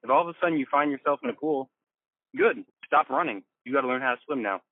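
A man talks through a coaching point in a casual chat, emphatic and animated, slipping into quoted voices. His voice sits mid-range. The sound is thin and phone-like. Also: mid-range voice, fast talker, no room sound. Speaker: podcast co-host, mentor. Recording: tinny phone-like line.

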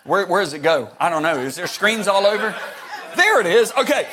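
A man preaching a sermon, animated and joking, shouting some words for emphasis and rambling with restarts. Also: high-pitched, fairly quick, crowd noise, noisy background. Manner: rambling with restarts, jokey asides.

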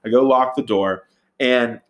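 A man's mid-range voice moves at a measured pace as he tells friends a wild story. It's casual and profane, and he animates the quotes by acting them out with big vocal jumps.

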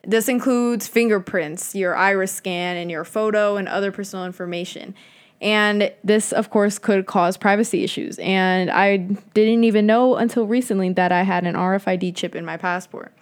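A woman's voice: mid-range voice, steady tone, normal speed, clear, resonant tone. A young woman talking casually to camera in a chatty, conspiratorial monologue with slangy asides.

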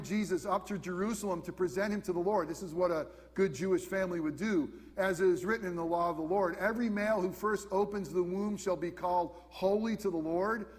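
High-voiced man preaching in a hall. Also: husky. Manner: emphatic, repeats questions, swings between loud and hushed. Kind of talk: sermon.

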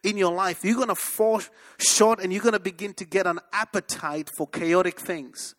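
Male pastor, high bright voice, animated sermon storyteller. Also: normal speed. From abroad, moved to the US in 1998. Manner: animated storytelling, shouts at peaks. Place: church.

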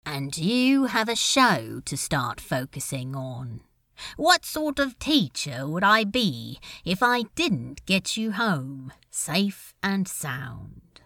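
Crowley is a low, gravelly man who teases dryly but turns gentle underneath, voiced by a woman in a podfic. He speaks slowly and with a lot of movement in the voice. The sound is close and dry. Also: big pitch swings, dry recording, full character voice. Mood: tender teasing. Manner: dry teasing, tender underneath. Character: gruff teasing male friend, young adult. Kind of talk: podfic character voice.

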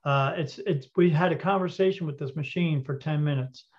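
High-voiced man telling a lively story. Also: normal speed. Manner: animated, re-enacts dialogue, many fillers. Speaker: interview guest, intuitive reader. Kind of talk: casual storytelling in an interview. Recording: dull lo-fi audio.

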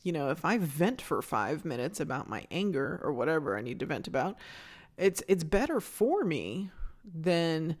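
A woman's voice: low voice, very animated, normal speed. A woman hosting her own podcast, talking in an intense, passionate and candid way, with frequent restarts and casual swearing. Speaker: podcast host. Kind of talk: solo podcast monologue.

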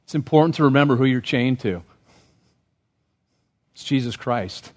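A man's voice: medium pitch, animated, normal speed, darkish tone. A man preaching a sermon as pastor, in a casual, conversational way, often asking the congregation questions. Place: church sanctuary.

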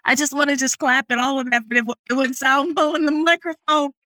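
A woman's voice: sits high, fairly even intonation, quick pace, sharp tone, dry recording. A woman hosting a faith podcast, responding with encouraging, faith-centered affirmations. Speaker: podcast host.

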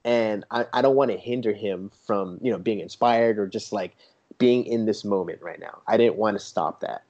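A man chatting casually as a guest, an enthusiastic storyteller who acts out what others said in a lively, raised voice. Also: fairly low pitch, moderate pace. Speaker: toy photographer guest. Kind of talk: casual chat. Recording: dull lo-fi sound.

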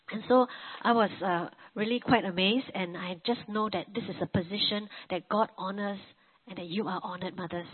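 A woman's voice: medium pitch, slightly rough. A woman preaching a sermon in a conversational, personal-testimony style, often saying "you know" and restarting her sentences. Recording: narrow phone-like sound.

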